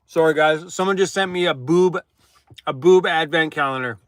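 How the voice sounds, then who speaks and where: A man with a slightly higher voice hosts a relaxed night-time livestream from inside his van, reading out viewer names and comments. He sounds tired and easygoing, chuckling often and chewing as he talks. The sound is close and dry, with no room echo. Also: moderate pace. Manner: laid-back, chatty, laughs often, talks while chewing. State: tired, worn out. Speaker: van life vlogger hosting a live chat.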